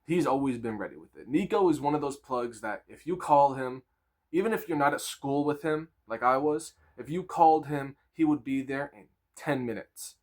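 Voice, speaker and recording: Young man, 20s, casual storytime, animated, crude slang, laughing. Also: medium pitch, normal speed. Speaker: vlogger telling a story.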